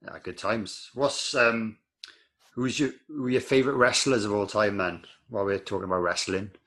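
A man hosting a casual podcast interview, asking relaxed questions and giving short reactions. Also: lowish voice, normal speed. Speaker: podcast host.

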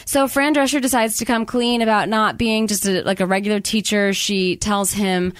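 A woman's voice: mid-range voice, steady tone, moderate pace, few pauses, no room sound. A woman co-hosting a casual podcast, recapping a movie in a chatty way with lots of "um" and "like". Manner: chatty, filler-heavy, acts out quotes. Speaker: podcast co-host.

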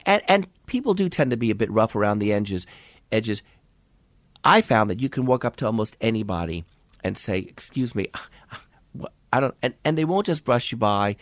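A man's voice: mid-range voice, no room sound, clean studio sound. An older man, a podcast co-host who teaches medical students, talking in a thoughtful, casual way with restarts and asides. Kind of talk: casual conversation.

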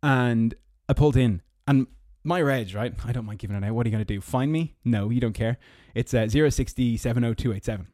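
A darkish-toned young Irishman rambles through stories on his casual solo podcast, taped in a parked car, with sarcastic asides and a mock-squeaky voice for mocking. The recording is dry and studio quality.

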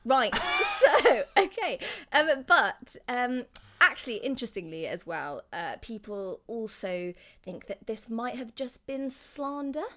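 A chatty woman talking music on a podcast, giggling and circling back with little fillers. Her voice sits a touch high. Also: sing-song, measured pace, a bit bright. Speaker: podcast co-host. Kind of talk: casual chat about classical music.

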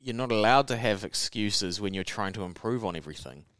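A man's voice: lowish voice, expressive, brisk, fairly bright tone, smooth, dry recording. A young man with a New Zealand accent, co-hosting a podcast in laid-back, joking casual chat and swearing casually. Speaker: podcast co-host.

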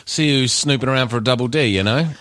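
A man's voice: mid-range voice, fast, a bit bright. A man hosting a casual podcast over a video call, joking crudely and swearing freely as he tells stories. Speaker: podcast host.

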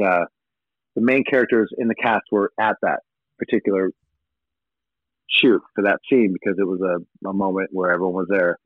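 Profane rocker on a tinny line. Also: male voice, mid-range voice, no room sound. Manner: profane, rambling anecdotes with acted-out quotes. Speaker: rock musician guest. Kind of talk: casual interview storytelling. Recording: tinny phone-like line, dry.

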